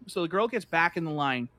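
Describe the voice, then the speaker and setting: A man telling a lively story in casual chat, full of "like" and acted-out voices. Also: fairly high pitch, normal speed, no room sound. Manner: animated, fillers of "like", acts out voices.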